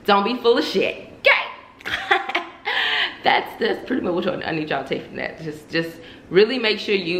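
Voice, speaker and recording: Young woman YouTuber, frank profane chat to camera, bright tone, roomy echo. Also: medium pitch, very animated, measured pace, pauses often, a little hiss or hum. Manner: candid, profane, addresses viewers as y'all. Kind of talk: casual vlog confession to viewers. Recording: echoey room.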